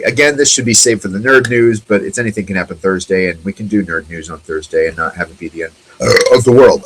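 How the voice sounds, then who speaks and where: A man's voice: on the low side, a bit bright, husky, rough recording. A man in his forties hosting a casual solo talk show, rambling and chatty with lots of fillers. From United States. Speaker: host.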